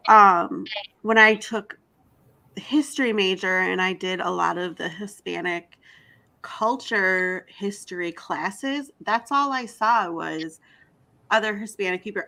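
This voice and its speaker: A woman's voice: mid-range voice, pushed and bright, rough recording. A woman in a casual panel discussion, earnestly telling personal stories with frequent restarts.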